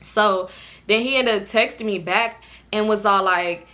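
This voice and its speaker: A young woman vlogger casually telling viewers a storytime, animated and slangy, indoors at home under a ring light. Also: medium pitch, a little slow, a little hiss or hum.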